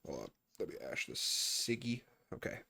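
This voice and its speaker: A low, gravelly, slightly rough voice at a moderate pace belongs to a podcast host chatting casually from a room at home over voice chat. He's an animated storyteller sharing work stories, swearing freely and voicing the people in them.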